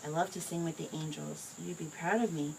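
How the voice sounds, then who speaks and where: A woman reading a picture book aloud to her child in a gentle, expressive way. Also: deep voice, brisk. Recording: home recording with clear background noise.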